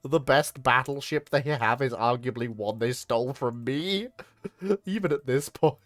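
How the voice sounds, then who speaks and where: Slow-talking man laughing at a strategy game. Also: medium pitch, a bit bright, dry recording. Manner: laughing, sarcastic, swearing, acts out mock dialogue. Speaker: streamer playing a naval strategy game. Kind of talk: casual gaming commentary.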